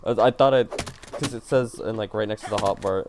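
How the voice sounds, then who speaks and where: A man's voice: on the low side, moderate pace, darkish tone, a little hiss or hum. A man streaming a game, rambling and joking to himself and his viewers in a tired, self-mocking way. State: yawning, tired. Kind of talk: casual gaming stream chatter.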